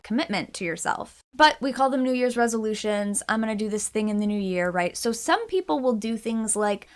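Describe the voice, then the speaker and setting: A woman talking casually to her viewers in a vlog. She rambles through asides and quotes her own thoughts and other people's words, her pitch jumping up when she voices them. Her voice sits in a middle register. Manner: chatty and rambling, full of asides and quoted self-talk. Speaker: vlogger. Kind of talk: casual chat to camera.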